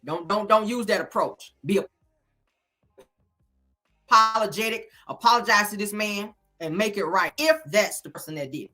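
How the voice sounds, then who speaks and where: A woman in her thirties giving blunt, animated celebrity news commentary straight to her viewers and swearing freely. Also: medium pitch, normal speed, faint music behind.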